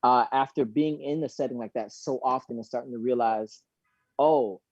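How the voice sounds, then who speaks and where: A man in casual chat on a phone call, animated and slangy, laughing often. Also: medium pitch, fairly quick, dry recording. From Florida. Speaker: guest dancer.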